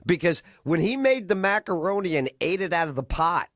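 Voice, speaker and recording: Animated, rambling male radio host. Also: high voice, brisk, no room sound, studio quality. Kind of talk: casual radio chat.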